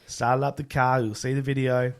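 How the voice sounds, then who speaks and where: A man's voice: mid-range voice, normal speed, background noise. A man, co-hosting a podcast and casually telling a travel story, acting out quoted lines. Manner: relaxed, acts out quoted dialogue. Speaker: podcast co-host.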